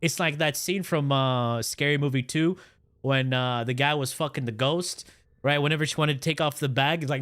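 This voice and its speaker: A man livestreaming and reacting in a casual chat, animated and profane, with his pitch swinging up and down. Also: normal speed, dry recording, studio quality.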